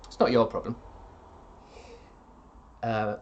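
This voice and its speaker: A man in his thirties talks casually to his stream chat. His delivery is deadpan and sardonic, full of offhand swearing and dry jokes told with a straight face. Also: fairly low pitch, slow pace, lo-fi sound, slight background noise. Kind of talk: casual chat reading viewer comments.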